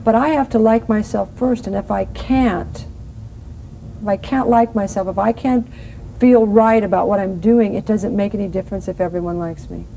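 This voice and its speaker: Earnest woman guest, halting restarts. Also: medium pitch, fairly even intonation, creaky, dark tone, a little hiss or hum, low-quality recording. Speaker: guest actress. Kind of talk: casual TV interview.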